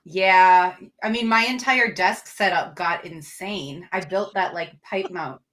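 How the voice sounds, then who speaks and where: A woman's voice: lowish voice, slow, a bit bright. Chatty woman on a tech stream. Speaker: co-host. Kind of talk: casual livestream chat.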